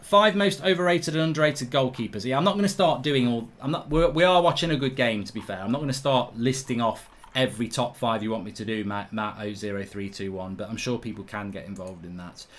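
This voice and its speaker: A man, hosting a live football watchalong, reading viewer chat and arguing back in an animated, ranting way. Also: mid-range voice. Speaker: livestream host.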